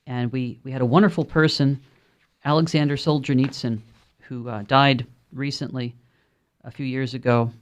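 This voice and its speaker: A man's voice: medium pitch, fairly even intonation, normal speed. A man with a Brooklyn accent hosting a call-in radio talk show, speaking in a conversational, rambling way with frequent ums and uhs. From Brooklyn, New York.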